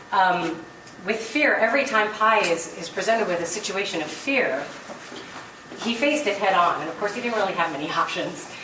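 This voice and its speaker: A woman's voice: lowish voice, noisy background. A woman giving an earnest spiritual talk to a gathering, telling personal stories with light laughter. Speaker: spiritual speaker. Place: meeting room. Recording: roomy hall, distant mic, faint ambience.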